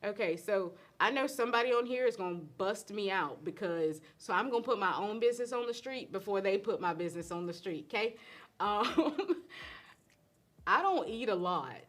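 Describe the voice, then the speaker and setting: A middle-aged woman, chatting casually on a live stream as a host and cook, animated and laughing often. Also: mid-range voice, moderate pace. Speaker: host and cook answering viewer questions.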